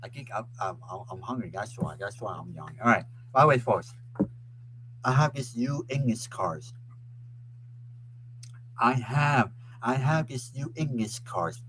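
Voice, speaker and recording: A man's voice: mid-range voice, unhurried, long pauses, slight background noise, low-quality recording. Stammering man hosting a live web show. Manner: restarts and repeats phrases often; bursts into loud excited sports chants. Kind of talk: casual live-stream chat.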